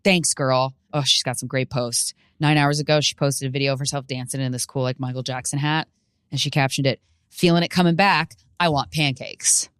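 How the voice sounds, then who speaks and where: Brief: woman, podcast comic, low voice, rambling and profane, bursts into yells, dry close mic. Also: brisk, clean tone, dry recording. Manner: profane, rambling, animated with sudden shouted bits. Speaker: podcast host and stand-up comedian. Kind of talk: solo comedic monologue.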